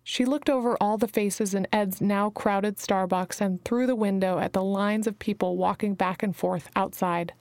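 A woman reading a novel aloud in measured, even storytelling narration. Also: mid-range voice, no echo, clean studio sound. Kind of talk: scripted audiobook narration.

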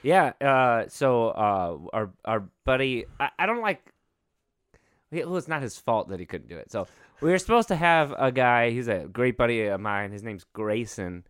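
A man's voice: mid-range voice, lively intonation, moderate pace, a bit bright, clean tone, no echo, studio quality. A man co-hosting a casual podcast, rambling and joking with plenty of fillers and restarts. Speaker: podcast co-host.

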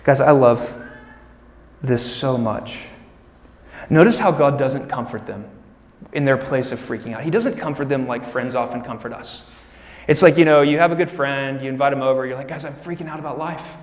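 A man's voice: mid-range voice, normal speed, long reverb tail. A young adult man preaching a sermon to a church congregation, speaking casually and often turning to the crowd. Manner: casual, animated preaching with direct asides to the congregation. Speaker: pastor. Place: church hall.

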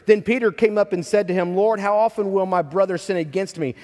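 A man's voice: high-pitched, a little fast, a little mellow. Man preaching in a reverberant hall. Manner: conversational preaching with scripture reading and asides. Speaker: pastor. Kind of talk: sermon.

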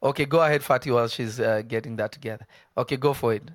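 A man preaching a live sermon, emphatic and conversational, breaking into quick asides. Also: medium pitch, no room sound, clean studio sound.

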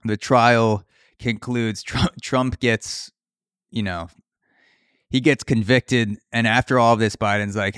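A man's voice: medium pitch, steady tone, slow pace, a bit bright, clean tone, no room sound, studio quality. Crude, riffing young male podcast host. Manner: crude, riffing, shifts into mock voices for bits. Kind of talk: comedic podcast rant.

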